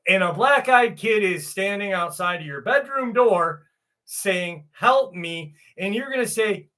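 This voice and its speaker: Bright-voiced joking livestream host man. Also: sits high, animated, a little slow. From New York. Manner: jokey, crude, greets chatters by name. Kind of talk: casual livestream chat.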